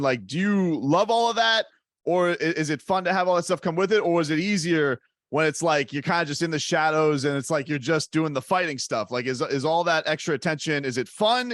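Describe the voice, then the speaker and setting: A man's voice: fairly high pitch, fairly bright tone, no echo, clean studio sound. A man co-hosting a casual interview, asking long, rambling, stacked questions. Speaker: podcast co-host.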